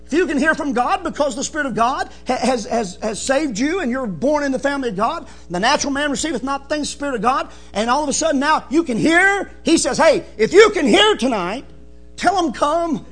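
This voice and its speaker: A male preacher with a strikingly high voice delivers his sermon with fervour. He drives each point home with emphasis, dropping soft and then rising loud. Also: expressive, fast talker, hardly any pauses, faint music behind. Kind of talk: evangelical sermon.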